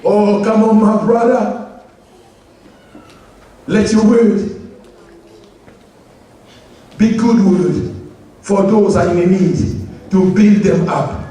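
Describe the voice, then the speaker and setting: A pastor delivering a sermon in a high voice, with emphatic and repetitive phrasing in non-standard English. He keeps drawing answers from the congregation. The recording is heavily echoey, with his voice heard from some distance off the mic. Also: fairly even intonation, very slow, long pauses, warm tone. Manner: asks the congregation for responses.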